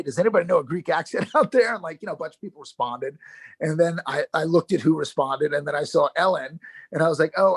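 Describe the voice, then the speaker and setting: A middle-aged actor with a New York accent, telling stories in a casual interview, animated, with frequent swearing and restarts. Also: male voice, a little high, gravelly, breathy edge, dry recording. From Yonkers, New York. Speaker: actor guest.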